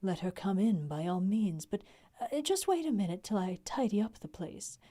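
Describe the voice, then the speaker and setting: A woman voicing an unsettled male asylum patient in a novel reading, answering in slow, drawn-out replies. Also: medium pitch, big pitch swings, dark tone. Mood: cagey.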